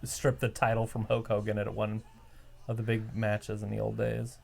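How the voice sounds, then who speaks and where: A woman's voice: a bass voice, monotone, moderate pace, creaky, a little mellow. A woman co-hosting a casual live reaction chat, giving wry running commentary with trivia asides. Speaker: co-host reacting to a wrestling show.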